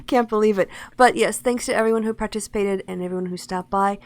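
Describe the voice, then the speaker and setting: A woman's voice: mid-range voice, a little fast. A woman hosting a livestream, thanking the viewers and wrapping up the show with light laughter. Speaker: stream host.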